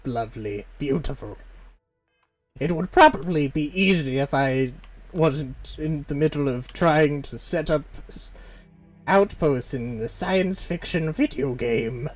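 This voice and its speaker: A male streamer talking casually over his game, rambling and amused at himself. His voice sits a little high for a man, and he speaks slowly, letting sentences trail off, with faint music behind him. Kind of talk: casual live-stream chat.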